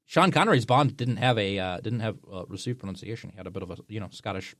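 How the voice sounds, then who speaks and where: A man's voice: fairly low pitch, fast talker, fairly bright tone. A man co-hosting a podcast, talking through ideas in a rambling, thoughtful way. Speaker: podcast co-host. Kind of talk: casual chat.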